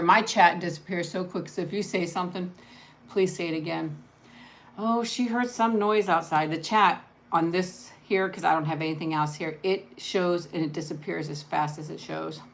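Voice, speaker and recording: A woman with a fairly low voice chats softly while she eats on a livestream, drifting from one thought to the next. She laughs often. A faint hum of room ambience sits behind her. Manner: chatty, soft-spoken, rambling, laughs often. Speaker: mukbang channel host. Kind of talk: casual eat-and-chat livestream.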